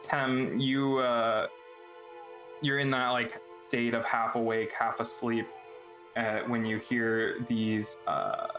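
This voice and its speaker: A man running a tabletop game as game master, narrating scenes in a relaxed storytelling way. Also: mid-range voice, faint music behind. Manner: relaxed storyteller, breaks into quick character voices and laughs.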